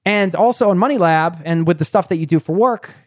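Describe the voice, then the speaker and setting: A man's voice: sits high, brisk, no echo, clean studio sound. A young man hosting an interview, chatty and probing with light jokes. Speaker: podcast host. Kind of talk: conversational interview.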